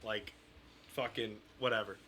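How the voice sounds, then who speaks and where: Young New guy, very bright tone, rambling crude anecdote, podcast guest. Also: lowish voice, fairly even intonation, a little slow, husky. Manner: crude, rambling, laughing through his story. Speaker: comedian guest. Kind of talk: casual storytelling.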